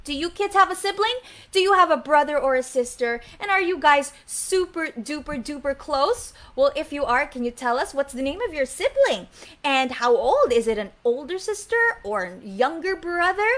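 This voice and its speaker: A woman telling a story live to children, animated and coaxing them to repeat lines. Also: high-pitched, normal speed. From Philippines.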